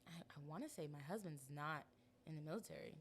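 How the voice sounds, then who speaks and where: A woman's voice: low voice, lively intonation, fast talker, slight background noise. A young woman co-hosting a podcast in casual chat, blunt and slangy, laughing often. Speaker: podcast co-host.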